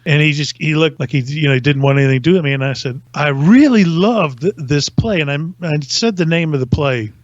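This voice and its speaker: A man hosting a podcast, telling a casual story in an animated way with lots of laughter. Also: fairly high pitch, fast talker, hardly any pauses, no room sound, lo-fi sound. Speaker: podcast host.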